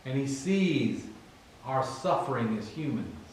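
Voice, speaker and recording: A man with a Virginian accent, preaching a sermon conversationally and acting out Bible figures in quick asides. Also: mid-range voice, sing-song, a little hiss or hum. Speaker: pastor. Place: church. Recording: very echoey room, far from the mic.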